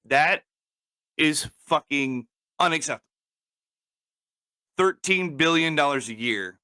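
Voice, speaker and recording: A man's voice: a little high, animated, slow pace, pushed and bright, clean tone, no room sound. A man co-hosting a casual talk show, swearing freely and working himself up to angry outbursts. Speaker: podcast co-host.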